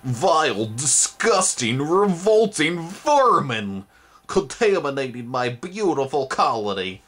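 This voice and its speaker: Man doing a gross fat female monster, high shrieky voice, bubbling and gurgling, slow drawn-out words, storybook reading. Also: animated. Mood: shrieking.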